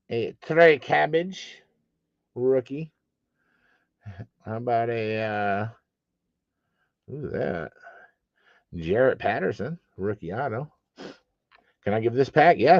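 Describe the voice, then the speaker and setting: Man, card auction host, bouncy lively voice, raspy edge, profane joking banter, bid calls. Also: mid-range voice, no echo, muffled recording. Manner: profane, teasing, joking with chat.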